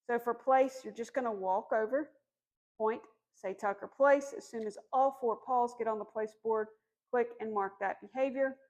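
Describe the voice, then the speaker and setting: A woman dog trainer explaining puppy commands outdoors, giving firm commands and soft praise. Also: on the high side, moderate pace. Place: outdoors in a yard.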